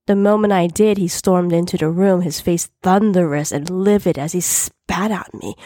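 A woman reads a first-person story aloud in a plain, even manner. Her voice sits on the low side. It is recorded close to the mic in a dry room. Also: moderate pace, few pauses, no echo. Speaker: narrator. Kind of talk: first-person audiobook narration.

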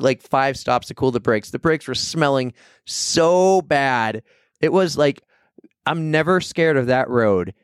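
A man telling a long, animated story as a podcast guest, acting out the people in it. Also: mid-range voice, clear, resonant tone, no echo, clean studio sound. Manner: animated, rambling, acts out quoted people. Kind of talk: casual storytelling chat.

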